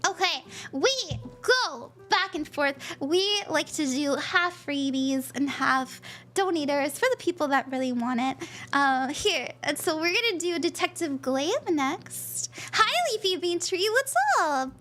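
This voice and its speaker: A woman's voice: high voice, lively intonation, measured pace, a bit bright. A woman hosting a live stream, chatting in a bubbly way and thanking viewers by name as a tarot reader. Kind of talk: casual live-stream chat.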